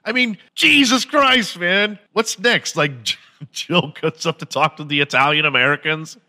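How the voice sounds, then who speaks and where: A man's voice: a little high, measured pace, pushed and bright. A man hosting a podcast in a crude, mocking comedic rant, swearing freely and slipping into silly impressions. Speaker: podcast host.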